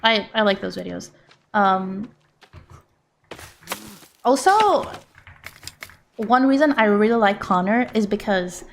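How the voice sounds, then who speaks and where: A young woman streaming live, chatting casually in an excitable, giggly, easily flustered way. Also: medium pitch, a little hiss or hum.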